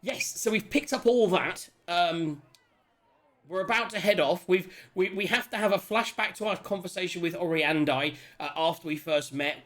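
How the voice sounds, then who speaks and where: Excitable man with a high-ish voice. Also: moderate pace. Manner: excitable, rambling, many restarts. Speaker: host and player character. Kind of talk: casual chat opening a tabletop game stream.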